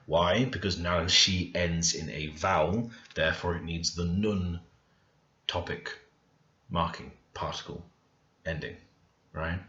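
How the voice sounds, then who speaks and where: This man speaks slowly with a low, steady voice and a sharp edge as he works through a grammar lesson on a screen recording. A language learner doing the teaching, he thinks aloud and leans on the words in his example sentences. Dull lo-fi audio carries the echo of the room.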